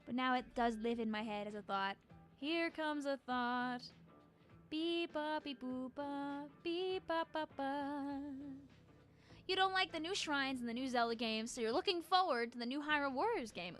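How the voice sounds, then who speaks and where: A woman's voice: sits high, expressive, fairly quick, a bit bright, soft background music. A woman streaming a game, chatting playfully with her viewers and tossing in silly sound effects. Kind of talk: casual live-stream chat while gaming.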